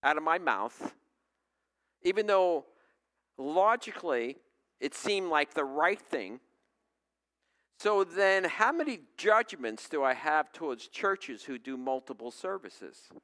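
A man's voice: fairly high pitch, animated, slow, pauses often, a bit bright. A male pastor preaching a sermon, telling a personal story in a conversational way and putting questions to the congregation.

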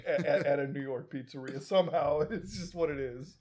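Podcast co-host, man, high voice, animated, foul-mouthed, laughs mid-sentence. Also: brisk. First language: Hindi. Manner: animated, swears a lot, laughs while talking. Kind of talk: casual chat.

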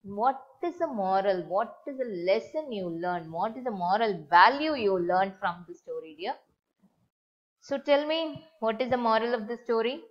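A woman schoolteacher telling a story to young pupils, pausing to explain words and ask the children questions. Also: fairly high pitch, lively intonation. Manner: explains as she reads, asks children questions. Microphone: online class recording. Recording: slightly dull lo-fi recording.

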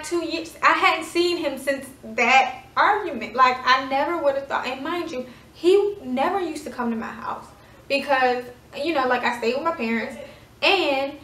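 A woman's voice: sits high, fairly bright tone. A woman in her twenties, chatting dramatically through a casual storytime with lots of fillers. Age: 20s. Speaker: vlogger. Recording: echoey room, voice from far off.

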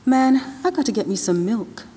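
A sulky, feverish young man groans and grumbles in loose street slang, as a woman reading aloud puts him on. The voice is mellow and a little husky, carried through a large hall with a long, ringing reverb. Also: a little high, animated, moderate pace, voice pushed up. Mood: sickly complaining.

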